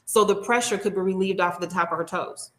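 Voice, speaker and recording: A woman's voice: fairly low pitch, steady tone, fairly quick, a bit bright, roomy sound. A woman working as a nail technician, telling an earnest, heartfelt story in an interview, acting out what people said. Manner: earnest and heartfelt, with frequent restarts and acted-out quotes.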